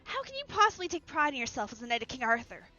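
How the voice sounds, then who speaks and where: A woman's voice: high-pitched, very animated, fast, sharp tone, highs cut off, soft background music, pitched above the performer's own voice, full character voice. A woman voicing an earnest, righteous young woman knight who declaims with passion. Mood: impassioned. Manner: impassioned, declaiming.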